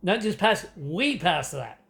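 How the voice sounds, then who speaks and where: A Canadian political commentator's high, gravelly, slightly bright voice swings widely in pitch as he talks a little slowly. He rants casually to the camera in a meandering way, with lots of fillers, restarts and bouts of laughter.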